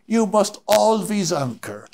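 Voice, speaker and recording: A man voicing an older Swiss male climbing legend with a Swiss accent, speaking calmly and matter-of-factly, with his pitch lifted well above his own. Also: slow, vocal fry, heavily acted. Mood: calm, insistent. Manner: calm, clipped and matter-of-fact.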